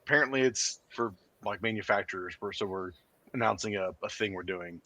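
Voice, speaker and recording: A man hosting a podcast, telling stories in a profane, animated way. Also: fairly low pitch, brisk. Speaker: podcast host. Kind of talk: casual podcast banter.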